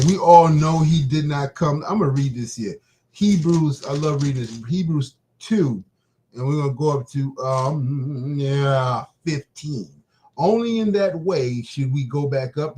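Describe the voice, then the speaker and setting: A man's voice: medium pitch, mellow, low-quality recording. A man hosting a casual live stream. He chats loosely with his viewers, laughs often and reads Bible passages aloud. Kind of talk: casual chat and Bible reading.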